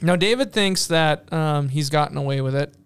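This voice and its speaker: A man in casual talk, retelling Bible stories in an animated way with playful asides and many fillers. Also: on the high side, normal speed, clean tone, no room sound, clean studio sound.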